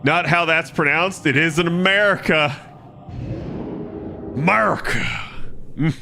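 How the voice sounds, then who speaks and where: A man's voice: fairly high pitch, fairly even intonation, normal speed, pushed and bright, a little hiss or hum. Man chatting casually while streaming a game. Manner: rambling, self-correcting, swears casually. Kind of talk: casual live-stream gaming chat.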